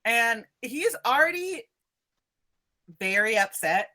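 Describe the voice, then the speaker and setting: A woman's voice: a little high, sing-song, takes it slowly, bright, forceful tone. A woman running a tabletop game as game master, narrating loosely with laughs and rambles.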